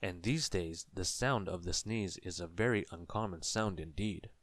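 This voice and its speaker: A man reading a children's story aloud in a gentle, measured way. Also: low-pitched, no echo.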